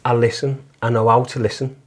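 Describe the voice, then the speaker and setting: Earnest Liverpool man, flat delivery. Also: medium pitch. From Liverpool, England. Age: middle-aged. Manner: earnest, halting, repeats words. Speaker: guest, taxi driver and volunteer listener. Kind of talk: casual testimony interview.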